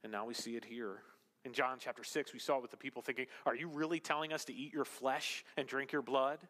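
Preacher guy giving a sermon, bright punchy voice, big hall echo, goes from loud and high to quiet and low. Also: steady tone, fast talker. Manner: emphatic, swinging between loud, high exclamations and low, quiet stretches. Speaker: pastor. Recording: long reverb of a large hall.

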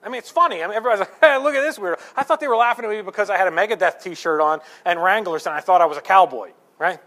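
A middle-aged male pastor preaching a sermon, animated, telling stories and asking the congregation rhetorical questions. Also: high-pitched, rapid-fire. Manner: animated storytelling with acted-out quotes and rhetorical questions.

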